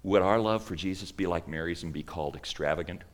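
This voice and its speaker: A man preaching a sermon, retelling a story with dramatic swings between loud emphasis and hushed near-whispers. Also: sits low, fast talker, few pauses, a little hiss or hum. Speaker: pastor.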